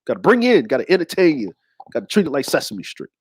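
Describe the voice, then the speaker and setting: A man's voice: mid-range voice, huge pitch swings, rapid-fire, breathy edge, no room sound, clean studio sound. A man hosting a show, talking to his audience in a slangy, rambling way. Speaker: host. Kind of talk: casual commentary.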